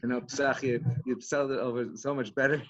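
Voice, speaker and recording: Halting man, lo-fi recording. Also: mid-range voice, steady tone, a bit bright. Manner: halting, many restarts. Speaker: rabbi speaker. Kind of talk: casual talk. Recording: dull lo-fi sound.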